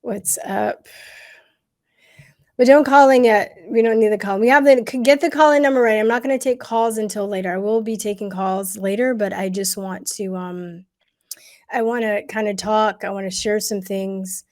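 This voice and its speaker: A woman hosting a casual livestream, talking to viewers with many pauses, fillers and restarts, and growing emotional at times. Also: medium pitch, steady tone, a little mellow. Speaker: livestream host.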